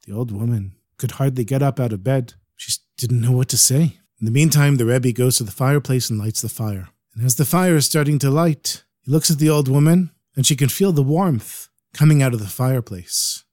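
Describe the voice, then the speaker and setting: A man narrating a religious story in an animated, expressive way. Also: mid-range voice, brisk, few pauses, no room sound, clean studio sound.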